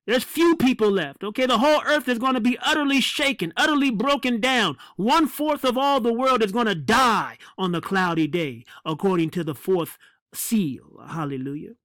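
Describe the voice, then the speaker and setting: A man preaching a fiery sermon, emphatic and repeating phrases for effect, with drawn-out dramatic stresses. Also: sits high, fairly bright tone, dry recording.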